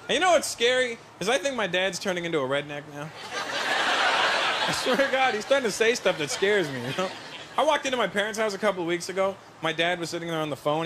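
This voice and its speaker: A man performing a stand-up comedy set, telling stories with lively delivery and putting on voices. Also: high voice. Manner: animated storytelling, doing voices of parents and strangers. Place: large venue with a laughing audience. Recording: live show with loud crowd laughter and noise.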